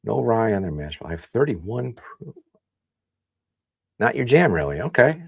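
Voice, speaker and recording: A man from the Midwest hosting a casual livestream, chatting and thinking out loud as he reads comments. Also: fairly low pitch, big pitch swings, normal speed, vocal fry, husky, dry recording. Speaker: livestream host. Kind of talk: casual tasting livestream chat.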